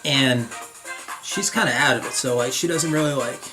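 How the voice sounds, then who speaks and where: A man's voice: medium pitch, moderate pace. Young jersey guy rambling a story to camera, trips over his words, laughs at himself, faint music behind. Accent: New Jersey. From northern New Jersey. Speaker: vlogger.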